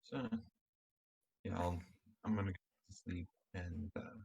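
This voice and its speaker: A man's voice: deep voice, flat delivery, measured pace, vocal fry, a little mellow, breathy edge, dry recording, low-quality recording. A man playing a tabletop game who speaks hesitantly, with many fillers. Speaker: player. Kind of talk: casual tabletop game chat.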